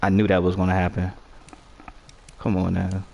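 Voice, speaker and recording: A man's voice: low-pitched, completely flat delivery, normal speed, vocal fry, darkish tone, a little hiss or hum. A young man giving heated, profane commentary while playing a video game and arguing with his opponent. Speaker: gamer. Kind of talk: trash-talking gameplay commentary.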